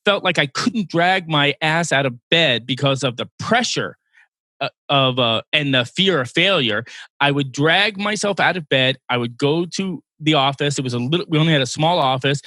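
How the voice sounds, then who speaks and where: Podcast host, male, 60s, bright pitched-up voice, earnest storyteller, dry close sound. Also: normal speed, no room sound. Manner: earnest storytelling, emotional at times. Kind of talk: casual interview chat.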